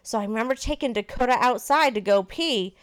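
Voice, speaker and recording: A woman in her thirties casually telling a personal story to her partner, animated and swearing freely. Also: a little high, brisk, smooth.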